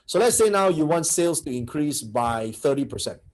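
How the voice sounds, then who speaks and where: A man's voice: on the high side, animated, moderate pace, darkish tone. A man teaching a motivational seminar, blunt and brash, who keeps firing rhetorical questions at his audience.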